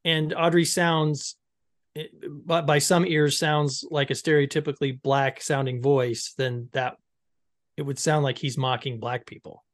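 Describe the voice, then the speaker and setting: A man's voice: mid-range voice, little pitch movement, normal speed, no room sound, clean studio sound. A man co-hosting a casual discussion, asking questions with lots of fillers.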